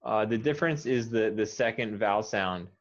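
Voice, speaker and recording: A patient American man coaching pronunciation, repeating words slowly and clearly for his student. His voice sits fairly low, and the audio comes through dull and muffled. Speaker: English pronunciation teacher. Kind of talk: one-on-one pronunciation lesson.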